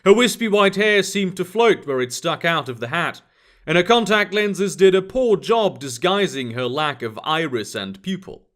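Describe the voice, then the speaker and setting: Lively male storyteller. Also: sits high, normal speed. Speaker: story narrator. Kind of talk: scripted narration.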